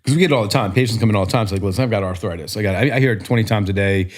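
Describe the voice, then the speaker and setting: A man from Pennsylvania, a chiropractor being interviewed, talking quickly in a chatty, storytelling way. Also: fairly low pitch. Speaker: chiropractor guest. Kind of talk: casual podcast interview.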